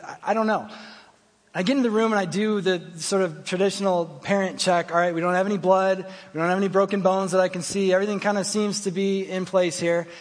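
A man in his thirties preaching a sermon in a relaxed, conversational storytelling manner. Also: sits high. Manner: conversational storytelling, self-deprecating. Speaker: pastor. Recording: hall reverb.

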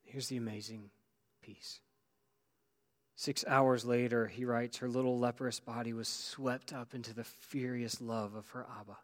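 A man preaching a sermon as pastor, telling a story with many restarts and drops to near-quiet. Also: medium pitch, flat delivery, measured pace.

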